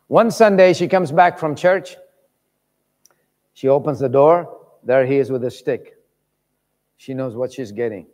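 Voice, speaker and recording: A man preaching a sermon, telling stories with lively voices for the people in them. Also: medium pitch, unhurried, long pauses. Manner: animated, acts out voices in stories. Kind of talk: sermon storytelling. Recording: long reverb of a large hall.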